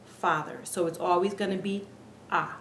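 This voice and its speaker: A woman giving a casual pronunciation lesson, speaking earnestly and slowly repeating each sound to demonstrate it. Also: mid-range voice, steady tone. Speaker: Spanish pronunciation teacher. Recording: echoey room with faint background hiss.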